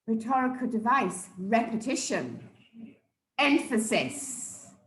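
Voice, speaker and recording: A woman coaching public speakers live, emphatic and deliberate, often repeating key words for stress. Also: medium pitch, expressive, a bit bright, roomy sound, low-quality recording. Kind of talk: live speech evaluation to an audience.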